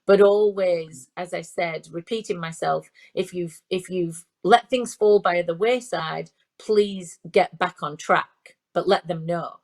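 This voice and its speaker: Low-voiced woman in her fifties, halting. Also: a little mellow. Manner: repeats herself, frequent restarts and fillers. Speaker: parenting expert guest. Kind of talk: conversational podcast interview.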